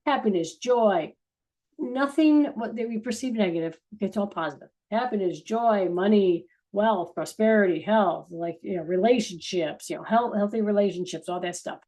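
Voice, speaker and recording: A woman of ordinary middle pitch shares channeled spiritual guidance in a relaxed, rambling way. She circles back, restarts sentences, and lets phrases fade to a softer level. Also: normal speed, rough recording. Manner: earnest, rambling, with restarts and soft trailing ends. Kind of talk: casual spiritual talk to viewers.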